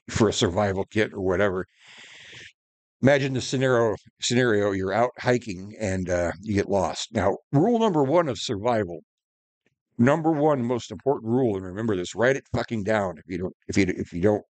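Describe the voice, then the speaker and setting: A man's voice: on the low side, no room sound. A man telling a long story in a casual rant, rambling and swearing, with many fillers and restarts. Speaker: survival vlogger.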